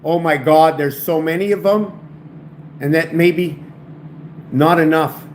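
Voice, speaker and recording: On a home camera setup with slight hiss or hum, a channel host talks through his word and number theories alone. He's unhurried, with a fairly high-pitched male voice, and his delivery rambles and stumbles as he restarts words and thinks aloud.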